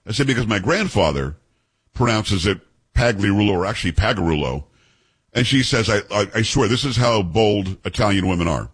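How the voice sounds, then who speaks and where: A man hosting a casual radio talk show, telling animated stories and mimicking other people's voices. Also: fairly low pitch, a little fast, slightly rough.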